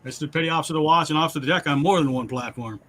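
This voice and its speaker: Bright-voiced man recalling navy days. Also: a little high, rapid-fire, slight background noise, poor audio. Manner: reminisces, recites shipboard announcements. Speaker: Navy veteran co-host. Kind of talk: casual chat.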